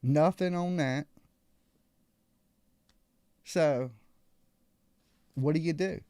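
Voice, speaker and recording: A man's voice: fairly high pitch, extremely slow, dark tone, clean tone, no echo, clean studio sound. A man hosting a live call-in show, telling a story casually and acting out other people's lines.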